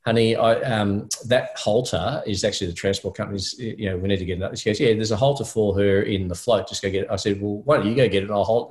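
A man's voice: fairly low pitch, fairly even intonation, fast. A middle-aged Australian man, a podcast co-host, telling a rambling personal story in casual chat with many fillers.

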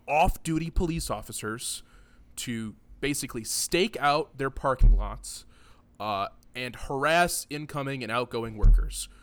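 A man's voice: medium pitch, a bit bright. Joking man hosting a podcast. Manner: joking, rambling, laughs often. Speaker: podcast host. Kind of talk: casual podcast chat.

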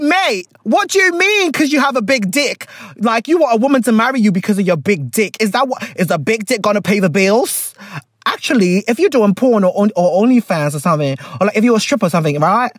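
A woman's voice: medium pitch, no echo. A woman hosting a podcast, rambling playfully in a put-on British accent. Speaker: podcast host. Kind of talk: casual podcast chat.

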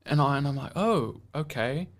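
A man preaching an earnest testimony, slowly and haltingly, often repeating words as he searches for them. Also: medium pitch, animated. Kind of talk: slow storytelling testimony.

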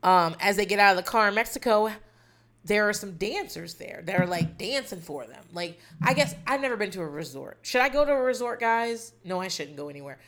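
A woman's voice: medium pitch, expressive, brisk, a bit bright. A woman hosting a podcast who recaps a reality dating show in a rambling, wry, profane casual chat.

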